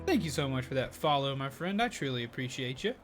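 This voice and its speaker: A man's voice: mid-range voice, very animated, fast, a bit bright, soft background music. A man streaming a game live, chatting casually and upbeat, often thanking viewers. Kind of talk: casual live gaming commentary.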